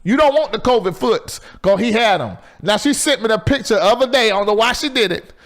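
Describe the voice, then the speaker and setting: Animated high-voiced man hosting. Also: brisk. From Southern US. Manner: loose, chatty and animated, swings between high exclaims and low asides. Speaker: talk show host. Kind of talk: live call-in talk show monologue.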